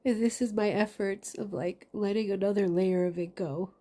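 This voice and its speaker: A woman's voice: mid-range voice, fairly even intonation, normal speed, warm tone. A woman in a confessional vlog monologue, talking in a raw, emotional way, full of anger and swearing. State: angry. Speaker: vlogger.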